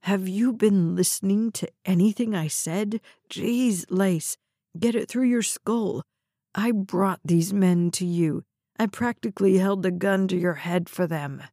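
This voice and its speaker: A woman reading the part of a bitter, injured young man in a hospital bed, with a gravelly, curt voice. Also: medium pitch, unhurried, dark tone, dry recording, studio quality, natural voice. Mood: harsh.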